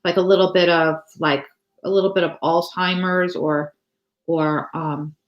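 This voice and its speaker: A woman's voice: on the low side, steady tone, a little slow, roomy sound, highs cut off. Rambling chatty tarot reader woman. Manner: rambling, chatty, many fillers and restarts. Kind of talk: live-stream tarot reading.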